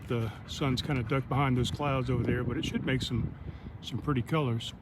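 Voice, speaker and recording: A man's voice: mid-range voice, normal speed. A middle-aged man chatting casually and rambling through an update while out on a walking trail, speaking into an earbud mic. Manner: relaxed, rambling, friendly. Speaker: vlogger. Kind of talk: casual chat. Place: outdoors on a walking trail at sunset. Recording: outdoor traffic noise. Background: traffic noise.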